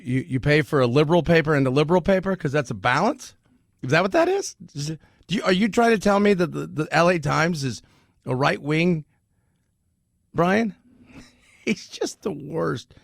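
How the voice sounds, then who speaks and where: A man's voice: on the high side, expressive, normal speed, gravelly, dry recording. A middle-aged man hosting a talk radio show, talking bluntly and sarcastically in a rambling monologue into a studio mic.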